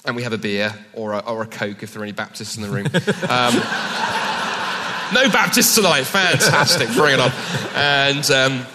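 A man speaking at a live public debate, animated and joking with quick asides. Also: mid-range voice, noisy background. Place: event hall with audience. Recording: long reverb of a hall.

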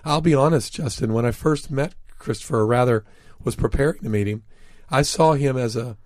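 A man's voice: mid-range voice, a little fast, a little mellow, dry recording. Earnest man recounting stories, dry sound. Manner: reflective, earnest, recounts dialogue. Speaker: author guest. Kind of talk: storytelling interview anecdote.

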